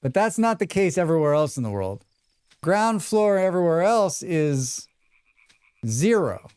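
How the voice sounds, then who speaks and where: A very animated American streamer speaks a little slowly in a higher, slightly mellow voice that is clear and resonant. He gives casual commentary to his live chat as he plays, drifting into asides and reading tutorial text aloud.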